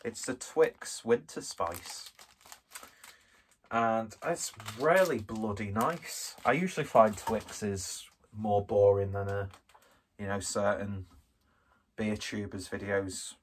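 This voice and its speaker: A man's voice: on the low side, slow pace, a little hiss or hum. A man, from northwest England, chatting through a casual beer review in a rambling, self-deprecating, jokey way. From Skelmersdale, northwest England.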